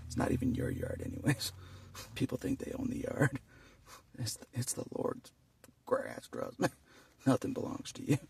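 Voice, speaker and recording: A man's voice: on the low side, vocal fry, a little mellow, distant mic, slight background noise. A man vlogging in a rambling, casual monologue, chuckling often between phrases and repeating himself.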